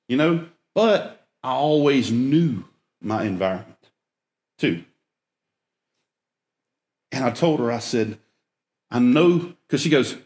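A man's voice: mid-range voice, darkish tone. A man preaching through a folksy, self-mocking story, with emphatic bursts. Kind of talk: storytelling sermon. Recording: echoey room.

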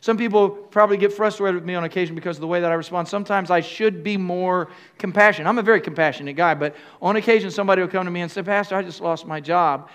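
A man's voice: high voice, fairly bright tone, smooth. An older male pastor preaching a sermon, calling on the congregation to answer back and often stopping to restart his phrases. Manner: call-and-response with the congregation; halting, with restarts and fillers.

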